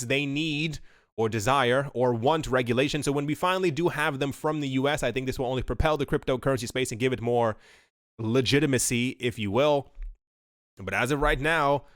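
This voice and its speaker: A man's voice: medium pitch, a bit bright, dry recording, studio quality. A man commenting casually and with strong opinions on crypto news, talking loosely with many fillers and restarts. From United States. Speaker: crypto video host.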